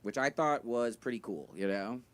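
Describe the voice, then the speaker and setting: A young man doing a stand-up comedy set, with a high, thin voice, rambling and self-deprecating, full of fillers. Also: moderate pace. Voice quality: high, thin voice he calls dumb. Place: comedy venue with live audience.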